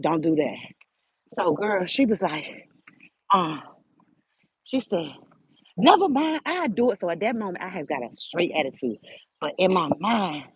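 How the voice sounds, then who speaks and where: An older woman hosting a show, telling a spiritual story in an animated, preachy way and speaking right to her listeners. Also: on the low side, slightly rough, no room sound. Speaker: host. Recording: dull lo-fi audio.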